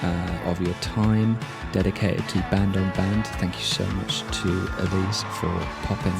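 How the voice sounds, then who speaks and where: A man's voice: sits low, flat delivery, measured pace, creaky, loud music behind the voice. A man hosting a podcast, chatting in a laid-back, easygoing way over a video call. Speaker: podcast host. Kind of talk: casual interview chat.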